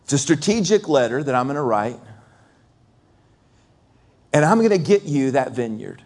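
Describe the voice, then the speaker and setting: A man voicing a calculating queen who calmly lays out a plot. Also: medium pitch, moderate pace. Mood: scheming. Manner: plotting, matter-of-fact. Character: scheming queen, cold and calculating.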